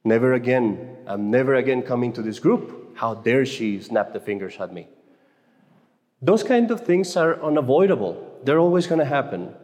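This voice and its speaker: A man's voice: mid-range voice, expressive, moderate pace, darkish tone. A man speaking at a conference for Catholic mothers, giving an informal faith talk in a conversational, joking way with frequent stammered restarts. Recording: echoey hall with long reverb.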